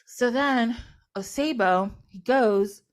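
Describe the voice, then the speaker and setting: A woman hosting a casual podcast, telling a folk story with a lot of animation. Her voice sits a little high, and she slips into playful voices for each character. She laughs easily as she talks. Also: takes it slowly. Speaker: podcast host.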